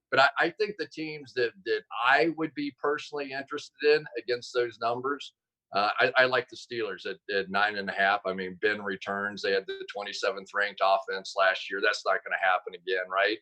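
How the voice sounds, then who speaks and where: A man, a former football player and broadcaster, telling stories as a guest over a video call, animated and self-deprecating, laughing often. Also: on the low side, fairly quick, low-quality recording.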